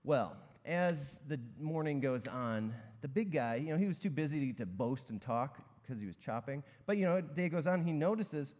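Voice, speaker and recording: Casual male pastor, fairly high voice, long reverb from a large hall. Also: animated, normal speed, hardly any pauses, darkish tone. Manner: conversational storytelling with many fillers. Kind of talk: sermon.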